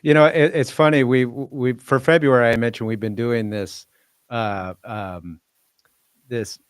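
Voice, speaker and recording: A man's voice: medium pitch, steady tone, a little slow, clean tone, no echo, clean studio sound. A man hosting a podcast, asking his guest questions in a loose, conversational way. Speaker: podcast host. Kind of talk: conversational interviewing.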